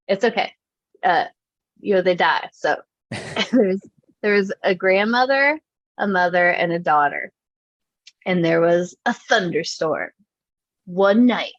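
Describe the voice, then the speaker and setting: A woman with a medium-pitched voice chats casually as a podcast co-host, laughing a lot and acting out quotes while telling stories. The recording is lo-fi, with no echo.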